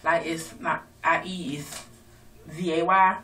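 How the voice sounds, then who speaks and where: A woman talks through a reality episode in a loose, profane ramble, full of fillers and restarts. Her voice sits fairly low but sounds bright and crisp. The phone recording puts her at some distance from the mic. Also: fairly even intonation, slow, a little hiss or hum. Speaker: reality TV recapper. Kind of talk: casual episode recap.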